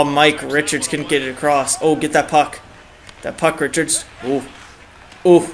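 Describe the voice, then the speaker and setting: A young man giving excitable live commentary on his own video game match, groaning and cheering at each play, his throat a bit dry. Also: on the high side, unhurried. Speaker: gaming channel host.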